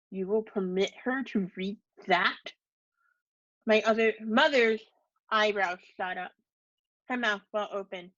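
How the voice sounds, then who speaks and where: A woman teacher reading a short story aloud for her students, steady and measured, adding brief asides. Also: medium pitch, no room sound, lo-fi sound.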